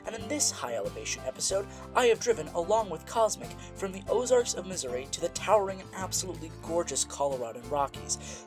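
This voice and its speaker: Young man hosting a travel vlog. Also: a little high. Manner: playful, laughing, jokey. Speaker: vlog host. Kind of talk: casual road-trip chat and scripted narration.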